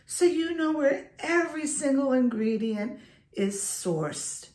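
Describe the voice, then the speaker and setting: A woman's voice: high-pitched, animated, takes it slowly, a little mellow. A woman hosting a dog food vlog who vents in an emotional, upset way while holding her dog. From Italian heritage. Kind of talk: casual vlog talk to camera. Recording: echoey room.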